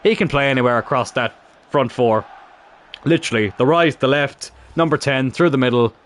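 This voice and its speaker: A man commentating his own football management game, cheering and shouting when goals go in. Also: medium pitch, normal speed. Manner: excitable, shouts at goals, laughs. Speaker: gaming YouTuber.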